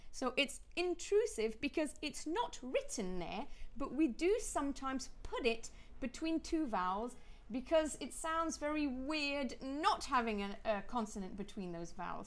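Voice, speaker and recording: Woman with a Southern British accent teaching. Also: sits high. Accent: Southern British English. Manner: clear, explanatory, demonstrating sounds. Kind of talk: scripted lesson dialogue.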